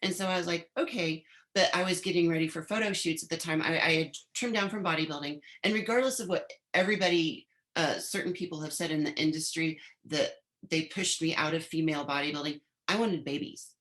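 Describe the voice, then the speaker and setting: A woman in her fifties, a former bodybuilder, guests on an interview podcast and tells a long story chattily, often quoting her own past lines back. Her voice is low, brisk and a bit bright.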